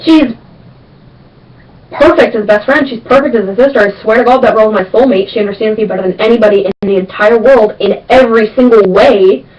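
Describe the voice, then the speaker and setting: A woman's voice: a little high, a little fast, a little mellow. A young woman answering viewer questions in a casual vlog, chatty and emphatic, repeating words for stress. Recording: distant, dull lo-fi webcam sound.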